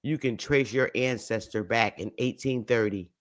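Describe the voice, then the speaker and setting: A woman's voice: rumbling low, moderate pace. A woman hosting a casual livestream, talking loosely and profanely and laughing often as she goes. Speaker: livestream host.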